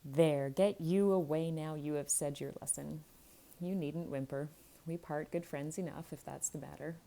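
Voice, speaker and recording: A woman's voice: deep voice, fairly even intonation, moderate pace, gravelly, warm tone, slight background noise, rough recording. A woman voicing a spiteful young man who sneers and speaks bitterly, in a bedtime storybook reading. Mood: sneering. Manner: sneering, defiant.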